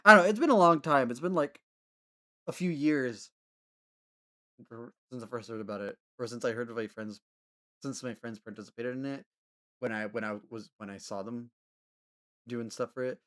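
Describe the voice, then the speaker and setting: A man's voice: medium pitch, normal speed, long pauses, a bit bright. A man chatting casually with his live-stream audience, rambling with lots of fillers and frequent laughter. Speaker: livestreamer.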